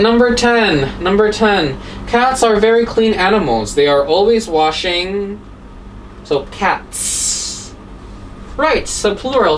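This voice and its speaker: A woman teaching an English grammar lesson, explaining step by step and asking rhetorical questions. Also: on the low side. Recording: distant mic with faint background noise.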